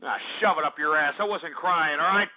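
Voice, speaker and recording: A man's voice: on the high side, brisk. A male call-in radio host, brash and profane, out of breath, mocking his callers. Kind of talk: crude comedic call-in radio. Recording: tinny phone-line radio with faint music.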